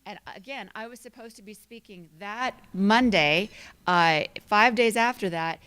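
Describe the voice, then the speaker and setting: A woman's voice: mid-range voice, measured pace, a bit bright, clean tone. A woman in her fifties giving a conversational, self-deprecating storytelling speech as an athletic director, often laughing at herself. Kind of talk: storytelling club luncheon speech.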